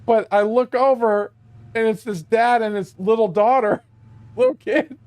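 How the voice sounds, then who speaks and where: While gaming, a male streamer with a high, slightly mellow voice tells a rambling, profane story at a slightly slow pace. He laughs all the way through and throws in plenty of exclamations.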